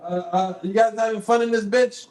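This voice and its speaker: A man's voice: high voice, steady tone, fairly quick, darkish tone. A man hosting a comedy show, loose and stammering as he hypes the crowd and tells a bit. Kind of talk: emceeing and stand-up. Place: basement comedy club. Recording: echoey club room.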